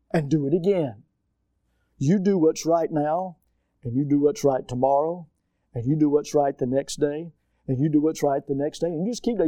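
A man preaching a sermon in an animated way, often acting out quoted voices and bursting out loudly. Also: on the high side, moderate pace, no echo, studio quality.

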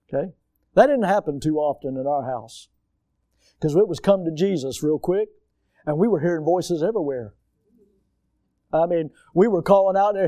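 A man preaching a sermon in an animated way, often acting out quoted voices and bursting out loudly. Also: fairly high pitch, normal speed, pauses often, no room sound, studio quality.

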